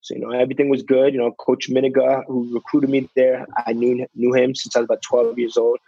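Young male athlete guest, gravelly and husky, dry close sound, chatty storyteller full of fillers. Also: medium pitch, little pitch movement, brisk, mellow, no echo, highs cut off. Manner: fills with "you know", acts out quotes. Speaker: guest, basketball player. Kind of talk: casual interview storytelling.

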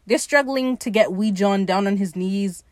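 A woman's voice: mid-range voice, moderate pace, a little mellow, no room sound, studio quality. A woman hosting a podcast, giving a casual, sarcastic and profane recap of a TV episode and acting out bits of dialogue as she goes. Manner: sarcastic, profane running commentary; acts out quoted dialogue while retelling. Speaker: podcast host recapping a TV series.

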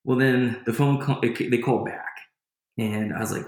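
A man's voice: on the low side, quick pace. A man telling a personal story in a casual interview, rambling and restarting his sentences as he goes. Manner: lively retelling of a personal story. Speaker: guest. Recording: echoey room.

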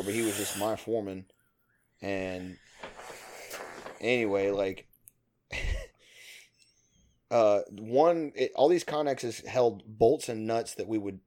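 A man's voice: lowish voice, a little mellow. A man chatting casually, telling a long, rambling, profane work story full of fillers. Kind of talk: casual chat.

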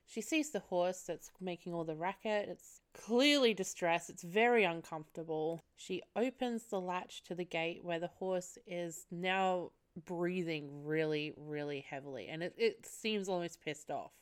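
A woman's voice: on the low side, a little slow, hardly any pauses, smooth. Sweary, chatty woman podcaster. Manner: chatty, sweary, laughs often, animated asides. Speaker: podcast co-host, film reviewer. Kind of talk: casual solo podcast review.

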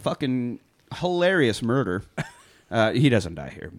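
Podcast guy recapping a movie, swears a lot, acts out the lines, medium-pitched voice. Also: a little slow. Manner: animated storyteller, heavy swearing, acts out quotes. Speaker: podcast co-host. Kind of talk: casual film-review chat.

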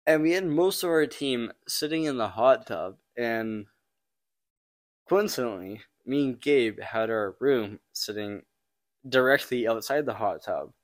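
A young adult junior hockey player, appearing as a podcast guest, tells a story casually and rambles, swearing often, laughing and using lots of fillers. His voice is mid-range and he doesn't hurry.

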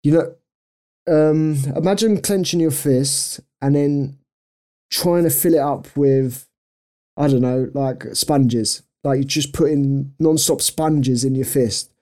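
Young male podcast co-host, warm low-toned voice, self-mocking and giggly. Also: slow. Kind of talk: casual storytelling chat.

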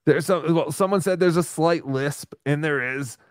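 A man hosting a live podcast in a casual chat, halting and full of fillers. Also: on the high side, no echo, clean studio sound. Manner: halting, lots of fillers, self-deprecating. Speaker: podcast host.

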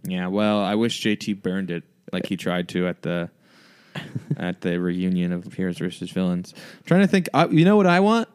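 A man co-hosting a podcast in casual chat, joking and quick with trivia. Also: sits low, animated, clear, resonant tone. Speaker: podcast co-host.

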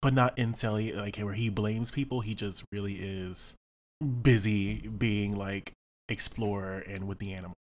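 A man's voice: lowish voice, steady tone, normal speed. A man chatting at a tabletop game who talks in hesitant, rambling bursts. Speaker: player.

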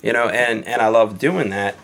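In a casual podcast chat, a recovering man who has kids talks candidly, rambling with lots of fillers and swearing here and there. His pitch is fairly low, his tone fairly bright, and he speaks at a normal speed.

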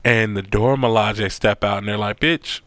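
A man giving a casual, profane recap of an episode, animated and acting out the quotes. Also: fairly low pitch, a little fast, no room sound. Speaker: show recap host.

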